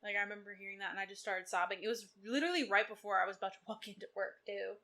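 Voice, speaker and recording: A young woman co-hosting a podcast, musing about a book in a relaxed, conversational way. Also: medium pitch, very fast. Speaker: podcast co-host. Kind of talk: casual book-review chat.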